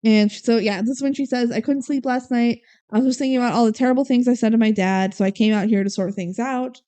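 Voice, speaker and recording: A woman's voice: a little high, fast, mellow, clear, resonant tone. A young woman co-hosting a podcast, casually recapping a movie and acting out the characters' lines. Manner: retells scenes with quoted character lines, frequent "like" and "um". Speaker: podcast co-host.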